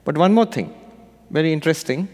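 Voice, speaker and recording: A man, a monk and spiritual teacher, giving an unhurried meditation retreat talk with gentle storytelling and light humor. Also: a little high, lively intonation. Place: retreat hall. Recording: long hall reverb.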